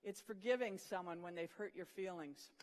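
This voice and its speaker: A preacher giving an earnest sermon, retelling scripture vividly and dropping to a soft voice for emphasis. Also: mid-range voice, moderate pace. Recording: long reverb of a large hall.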